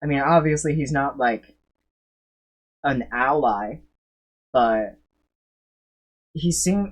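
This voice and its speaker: A man streaming live, rambling through reaction commentary, swearing freely and laughing often as he talks. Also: medium pitch.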